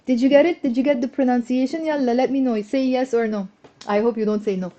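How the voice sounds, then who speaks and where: A woman teaching a live online language lesson, slowing down and repeating words so her students can follow, then coaxing them to answer. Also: on the high side, dark tone, lo-fi sound. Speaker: Arabic teacher.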